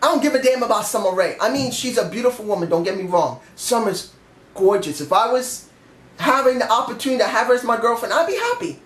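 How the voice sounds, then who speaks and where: A man's voice: extremely high pitch, lively intonation, quick pace, fairly bright tone. A man giving a rambling, emphatic and candid casual review of a wrestling show. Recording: echoey room.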